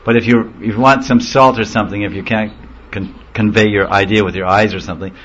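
A man's voice: lowish voice, steady tone, brisk, a bit bright. Man telling anecdotes in a devotional talk. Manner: storytelling, laughing, acting out voices. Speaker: spiritual teacher. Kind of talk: informal religious talk. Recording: muffled lo-fi recording.

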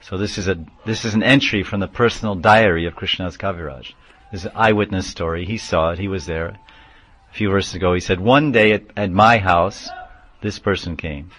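A man's voice: low voice, brisk, a bit bright. A man teaching a scripture class, explaining terms, chanting verses and calling out names. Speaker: spiritual teacher.

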